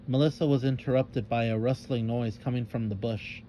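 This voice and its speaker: A man reading a children's story aloud in a calm, measured narrating voice. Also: medium pitch, highs cut off, a little hiss or hum.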